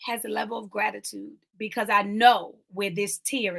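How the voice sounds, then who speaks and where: Woman preaching to her livestream, bright voice, keeps repeating lines for emphasis. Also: mid-range voice, steady tone, moderate pace, vocal fry. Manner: emphatic, repeats lines, talks to live viewers. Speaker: host of an online inspirational talk. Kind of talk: preaching-style encouragement.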